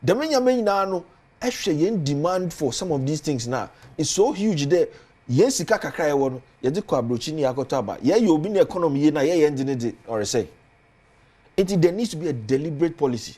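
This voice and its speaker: A man's voice: on the high side, animated, quick pace, mellow, breathy edge. A man with a Ghanaian accent, a politician guest on a studio talk show, speaking earnestly and building emphasis as he lists points.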